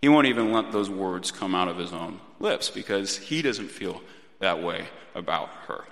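A man in his thirties preaching a sermon in a gentle, reflective way, often restarting his phrases. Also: low-pitched, animated, normal speed. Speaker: pastor. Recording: long reverb of a church hall.

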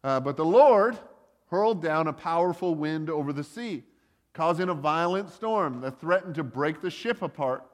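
A man delivers a relaxed sermon, telling a story in plain talk and breaking off for wry asides. His voice sits a little high for a man, and the recording carries the long ringing reverb of a large hall. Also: normal speed. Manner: conversational, joking asides, many likes and uhs. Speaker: preacher.

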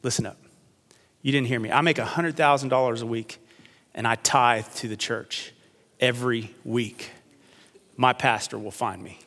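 A pastor briefly voicing a calm, self-assured shipwrecked man in a sermon joke. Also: a little hiss or hum, lightly acted. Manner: low, unhurried, assured. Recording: long hall reverb.

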